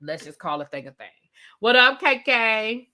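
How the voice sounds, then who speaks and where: A woman's voice: a little high, very animated, normal speed, sharp tone. A woman with a DC accent hosting a live TV review rant, chatty and sassy, answering her live chat as she talks. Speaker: host.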